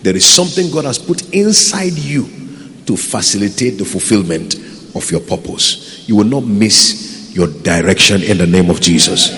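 With a lowish, animated voice at a normal speed, a man preaches as pastor to his congregation, calling out to them. His passionate delivery swings between loud pleas and soft asides. Long reverb from a large hall surrounds the sound.

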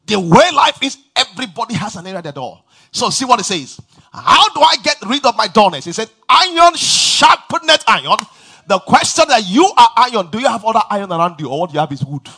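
A man's voice: high voice, very animated, fast, a bit bright, slightly rough. A man preaching a sermon to a large church congregation, emphatic and drawing responses from the crowd. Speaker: pastor.

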